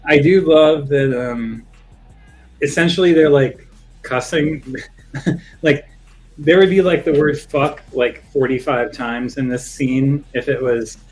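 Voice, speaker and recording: A man joking loudly in a casual book-discussion podcast, laughing as he talks. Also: mid-range voice, takes it slowly, soft background music, poor audio. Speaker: podcast co-host.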